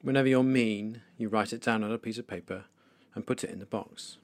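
A man leading a guided meditation for listeners, speaking slowly, calmly and softly with pauses. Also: lowish voice, no echo. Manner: slow, calm, soft-spoken with pauses. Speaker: devotional leader.

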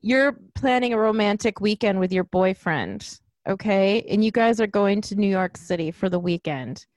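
A woman's voice: mid-range voice, moderate pace, no echo. A woman ranting in casual chat about a film, acting out lines as she goes. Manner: ranting, animated, acts out quotes.

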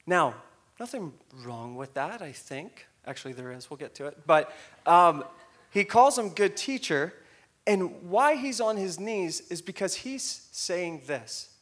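A man's voice: fairly high pitch, a little slow. A male pastor preaching a sermon, reading scripture and acting out the quotes, asking the congregation to repeat lines. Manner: expressive, acts out quotes, asks congregation to repeat.

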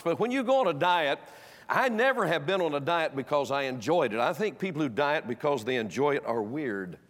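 Older man preaching in a reverberant hall. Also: fairly high pitch. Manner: emphatic, swings from loud exhortation to hushed storytelling. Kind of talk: sermon. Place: church auditorium.

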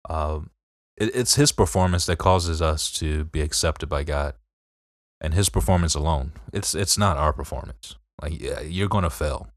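A man's voice: very deep voice, moderate pace, dry recording, clean studio sound. A man in a casual chat, earnestly explaining a point of faith in plain words.

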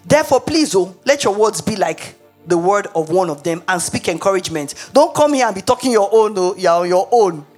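A woman's voice: mid-range voice, animated, fairly quick, darkish tone, faint music behind, lightly acted. A woman acting out a chummy, sly male messenger who coaxes a friend in a confidential, conspiratorial way during a sermon. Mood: coaxing.

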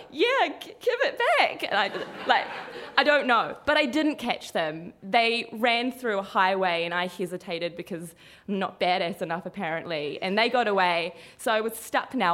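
A young woman tells a story in an animated, expressive way, often laughing as she goes. Her voice sits at a middling pitch for a woman. She talks casually and with plenty of energy. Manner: animated, laughing through the telling. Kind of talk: live storytelling.

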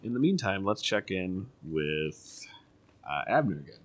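A man's voice: low-pitched, sing-song, unhurried. A man narrating a tabletop game as game master, in loose, rambling talk.

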